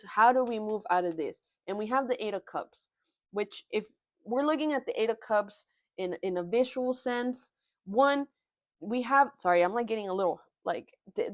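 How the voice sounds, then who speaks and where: A young woman giving a tarot reading in an earnest, halting way, often moved by what she says. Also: mid-range voice, animated, no room sound. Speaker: tarot reader. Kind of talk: pick-a-card tarot reading.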